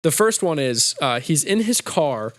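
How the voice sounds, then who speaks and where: A young man on a casual podcast, rambling through movie scenes and dropping into quick impressions of the characters. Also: on the high side, sing-song, a bit bright. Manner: rambling storyteller who acts out lines with quick impressions.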